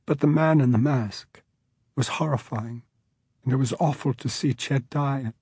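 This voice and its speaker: A man's voice: medium pitch, moderate pace, a little mellow, slightly rough, no room sound, clean studio sound, lightly acted. A man voicing a shaken young woman judge, her voice cracking as she pleads through tears. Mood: tearful.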